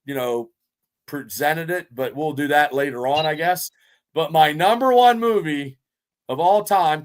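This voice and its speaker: A man in his fifties, a podcast co-host, telling rambling, profanity-filled stories in casual chat. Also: fairly high pitch. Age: 50s. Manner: profane, rambling, animated storytelling.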